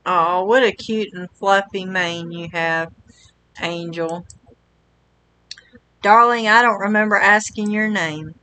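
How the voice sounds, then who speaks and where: Woman voicing a flowery young street magician, bright tone, unhurried gushing lines. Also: mid-range voice, slight background noise, rough recording. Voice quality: flowery, overly sweet manner. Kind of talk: reading game dialogue aloud.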